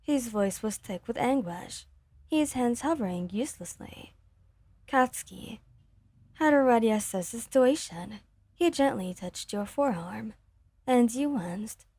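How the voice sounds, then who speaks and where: A woman narrating a fan fiction story gently and steadily as a storyteller. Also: on the high side, lively intonation, measured pace, breathy edge, no room sound.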